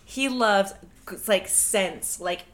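A woman's voice: mid-range voice, extremely slow. A woman co-hosting a podcast, chatting loosely and profanely and reading out history notes. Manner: loose, profane, jokey storytelling. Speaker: podcast co-host.

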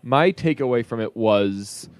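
A man's voice: medium pitch, animated, measured pace, clean tone, dry recording. A man co-hosting a podcast, chatting casually and joking, with frequent restarts. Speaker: podcast co-host. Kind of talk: casual chat.

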